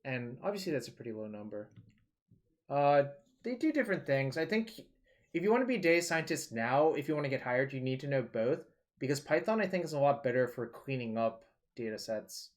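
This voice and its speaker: Male streamer, casual running talk over a card game, mid pitch, curses freely. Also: sing-song, brisk. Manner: loose and chatty, swears, thinks aloud. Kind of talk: casual live-stream commentary.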